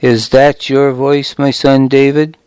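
A man's voice: mid-range voice, little pitch movement, slow, a little mellow, clear, resonant tone, no room sound, natural voice. A man voicing an aging, remorseful king in a storybook reading, speaking in an anguished way.

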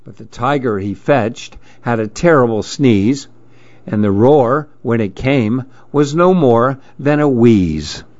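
A man reading a rhyming picture-book story aloud in an expressive, rhythmic way. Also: medium pitch, slow, dry recording, dull audio.

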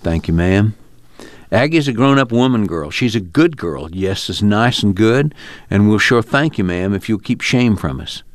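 A man's voice: fairly low pitch, animated, moderate pace, dry recording, clean studio sound, lightly acted. A man reading an anxious, humble poor farmer father who speaks in earnest, worried rural talk.

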